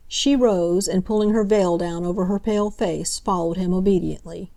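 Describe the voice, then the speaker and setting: A woman narrating a classic novel as an audiobook, reading in a measured, steady way. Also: lowish voice, creaky.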